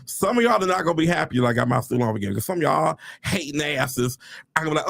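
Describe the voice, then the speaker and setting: A man talks casually to his livestream viewers, calling them y'all. His gravelly voice swings widely in pitch, and he breaks into churchy exclamations. The sound is close and dry. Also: fast talker, no echo. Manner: animated, preacher-like exclamations, addresses viewers as y'all. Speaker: realtor livestreaming to followers.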